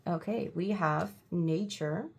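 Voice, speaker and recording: Woman tarot reader, casual reading from home; lowish voice, stop-start delivery, slightly noisy room. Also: vocal fry. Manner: halting, full of fillers and restarts; blunt, irritated outbursts. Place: home, seated.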